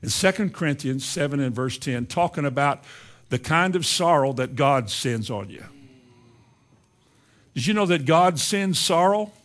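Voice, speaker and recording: A man's voice: expressive, unhurried. Man preaching with rising and falling emphasis. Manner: preachy, swings between loud emphasis and low quiet asides. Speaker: pastor. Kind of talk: sermon.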